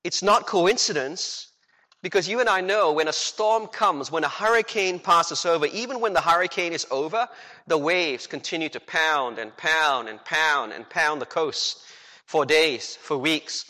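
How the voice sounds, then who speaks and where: A man preaching a sermon as a pastor, animated and full of rhetorical questions, acting out the quotes he tells. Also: fairly high pitch, a little slow. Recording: long hall reverb.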